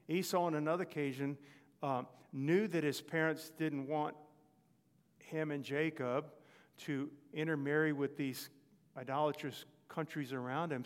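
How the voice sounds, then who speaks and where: Man preaching in an echoing hall. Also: fairly high pitch. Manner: conversational, frequent "okay?" check-ins. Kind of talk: sermon.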